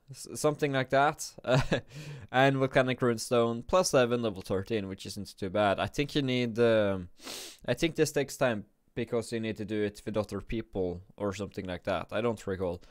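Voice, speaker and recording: A man's voice: fairly low pitch, no echo, studio quality. A man giving casual game commentary while drowsy from just waking up, thinking aloud and often restarting his sentences. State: drowsy, just woke up and yawning. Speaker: gaming video creator.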